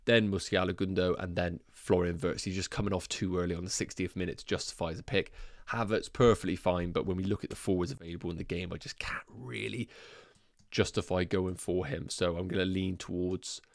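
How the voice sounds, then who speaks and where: Low-voiced guy rambling on his livestream, chatty, talks to the guys watching, dry close sound. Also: dry recording. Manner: chatty, thinks aloud, addresses viewers as guys. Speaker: fantasy football livestream host. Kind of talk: casual livestream chat.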